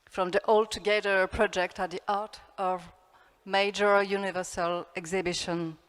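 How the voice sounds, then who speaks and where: A French woman speaking English with a French accent, giving a conference talk in a halting way with many fillers and restarts. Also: medium pitch, level tone, clear, resonant tone. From France. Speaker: architect giving a festival talk. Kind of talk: conference presentation. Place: large hall. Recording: long hall reverb.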